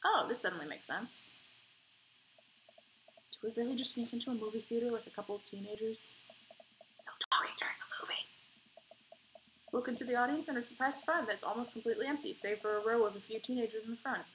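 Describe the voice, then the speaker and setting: A woman reading a dating game aloud and commenting, animated and swearing freely. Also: fairly high pitch, fast, noisy background. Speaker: gamer playing a dating game.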